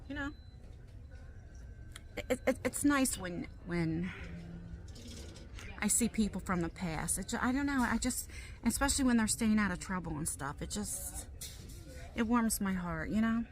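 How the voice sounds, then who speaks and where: A woman's voice: mid-range voice, animated, unhurried, pauses often. A woman chatting casually to her viewers in a vlog, rambling and jumping between topics while filming herself on a handheld phone. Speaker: YouTuber.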